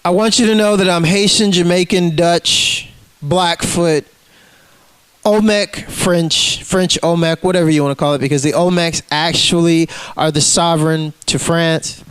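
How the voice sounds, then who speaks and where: High-voiced man ranting with profanity. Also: steady tone, unhurried, fairly bright tone, clear, resonant tone, no echo, low-quality recording. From United States. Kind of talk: profane rant to camera.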